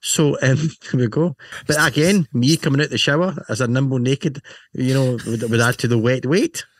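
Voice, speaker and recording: A man's voice: mid-range voice, moderate pace, dry recording, clean studio sound. Jokey man co-hosting a podcast. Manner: jokey, self-mocking, rambling asides. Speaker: podcast co-host. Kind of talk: casual banter reading bike news.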